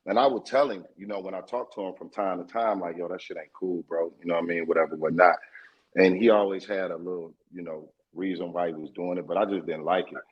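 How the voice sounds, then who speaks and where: A man, a guest in a casual interview, telling a story in a streetwise and profane way, getting more animated as he goes. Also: sits low, fast talker, husky, dull audio.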